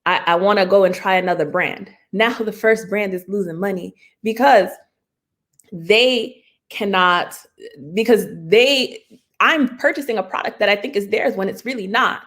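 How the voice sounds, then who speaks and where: A woman's voice: mid-range voice, moderate pace, fairly bright tone. A woman intellectual property lawyer giving a conversational continuing-education talk, explaining plainly with everyday examples and mock client talk, laughing often between fillers and restarts, over a video call.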